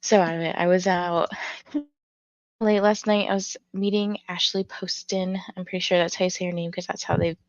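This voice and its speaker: A woman's voice: lowish voice, little pitch movement, normal speed, no room sound, highs cut off. A tired woman who just woke up, hosting a casual reading livestream with her morning voice, rambling with many fillers. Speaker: reading stream host.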